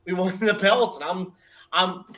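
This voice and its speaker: A man tells a story in loose, casual chat, laughing as he goes and acting out what people said. His voice sits a little high. The recording is dull and lo-fi. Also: a little slow. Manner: animated anecdote with laughs and acted-out quotes. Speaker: guest wrestler.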